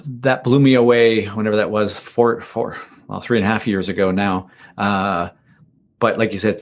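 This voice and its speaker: A man hosting a podcast, chatty and lightly sarcastic, and he laughs often. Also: fairly low pitch. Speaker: podcast host. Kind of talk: casual interview talk.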